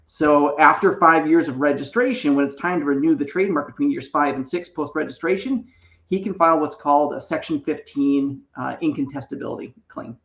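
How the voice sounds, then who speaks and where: A man explains trademark cases as co-host. His voice is gravelly and comes over a dull, echoey remote mic, and he keeps checking in with "right?" as he goes. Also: on the high side, brisk, fairly bright tone. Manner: explanatory, tags sentences with "right?". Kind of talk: explaining legal process on a live show.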